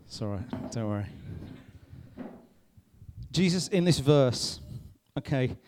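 Lively youth pastor, smooth voice. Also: male voice, mid-range voice, slow pace. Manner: lively, addresses the group with frequent "okay?" checks. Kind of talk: youth talk. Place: room with a live youth audience.

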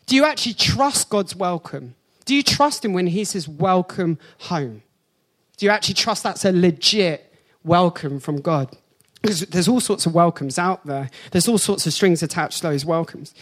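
High-voiced pastor, animated storyteller. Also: male voice. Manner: animated storyteller, jumps into high excited voice for his own reactions; slows down and softens for the spiritual point. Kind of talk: sermon with personal story.

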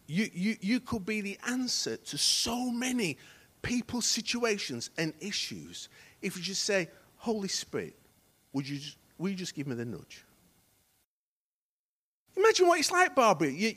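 Associate pastor mid-sermon, acts out the dialogue in his stories, drops quiet then gets loud. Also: high-pitched, slightly rough. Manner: storytelling preacher, acts out dialogue, swings from hushed to loud. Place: church hall.

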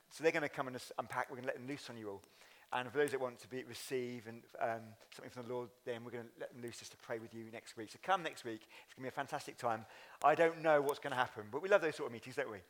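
A church leader preaches at a Sunday service, talking straight to the congregation in a chatty way. His voice is medium-pitched and a bit bright, and he speaks fast.

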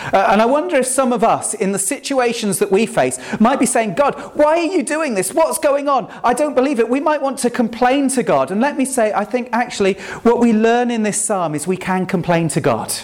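A man preaching a sermon, talking conversationally and asking the congregation rhetorical questions. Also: on the high side. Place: church.

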